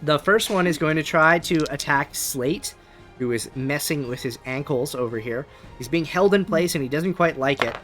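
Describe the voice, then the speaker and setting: A man's voice: fairly high pitch, moderate pace, over music. A man narrating a tabletop game as game master, rambling with many fillers. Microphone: webcam setup.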